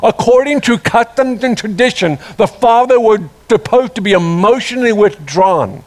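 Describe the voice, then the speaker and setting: A man preaching a sermon, retelling a parable with animated storytelling and acted-out voices. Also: high voice, normal speed.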